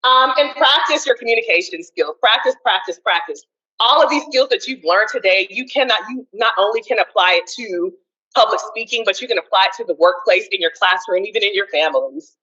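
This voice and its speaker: A woman giving a college seminar talk on communication, loud and energetic. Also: medium pitch, fairly quick, breathy edge, muffled recording. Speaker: seminar presenter.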